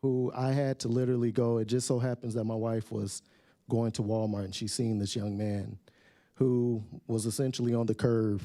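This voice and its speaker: A man giving a public comment at a city council meeting, hesitant and searching for words, with frequent fillers and restarts, his voice often dropping softly. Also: medium pitch, little pitch movement, normal speed, dry recording, studio quality.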